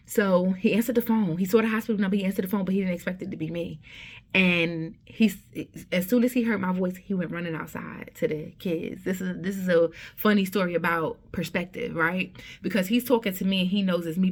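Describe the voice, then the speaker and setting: Low-voiced woman telling a story. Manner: conversational, tag questions and restarts. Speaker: vlogger. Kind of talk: casual storytelling.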